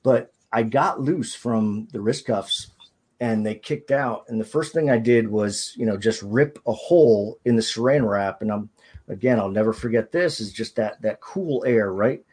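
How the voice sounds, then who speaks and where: Husky guy on a podcast, halting and hesitant, keeps restarting sentences. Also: on the low side, darkish tone. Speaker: podcast guest. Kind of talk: personal storytelling in an interview.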